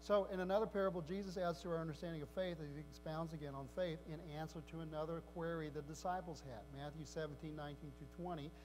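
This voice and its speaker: A man, the pastor, preaching in a measured way with some hesitations. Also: a little high, fairly even intonation, a little mellow. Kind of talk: sermon. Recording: reverberant church hall with faint hum.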